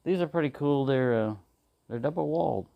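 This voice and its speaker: A man's voice: a little high, a little fast, creaky, highs cut off. A man talking casually to the camera as he cooks, rambling, talking to himself and answering in silly voices. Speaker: outdoor cooking vlogger. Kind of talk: casual talk to camera while cooking.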